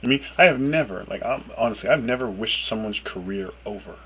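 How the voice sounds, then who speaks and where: A man ranting alone to camera as a video blogger, emphatic and swearing freely, his voice jumping up high when he gets exasperated. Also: animated, brisk, a bit bright, slight background noise, poor audio. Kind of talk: profane ranting monologue.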